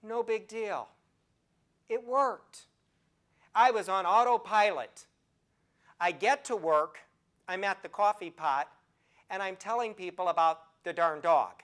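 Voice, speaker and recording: Lively older woman giving a health talk. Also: medium pitch, measured pace, pauses often. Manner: animated storyteller, asks the audience direct questions. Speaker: nursing professor and speaker. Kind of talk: health talk to a live audience.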